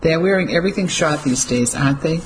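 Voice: mid-range voice, fast, a little hiss or hum, close to an everyday voice, rough recording. Reader as a kindly practical older woman, plain matter-of-fact tone.

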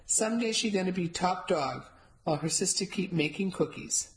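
A woman's voice: on the low side, moderate pace, pitched above the performer's own voice, natural voice, poor audio. Woman playing a cranky old Italian neighbor lady. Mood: scornful. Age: older. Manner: broken English, blunt and sniffy.

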